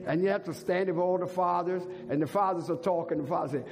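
An older man preaching a sermon as a bishop, driving points home by repeating words and rising to shouts. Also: high-pitched, steady tone, fast talker, hardly any pauses, slight background noise. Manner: emphatic repetition, rising to shouts. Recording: long hall reverb, faint organ music.

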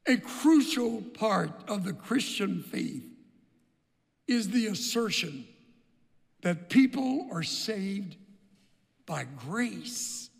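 Gravelly-voiced preacher in a reverberant hall. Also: male voice, sits high, expressive, takes it slowly. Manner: emphatic, repeats phrases for stress. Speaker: pastor. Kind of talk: sermon.

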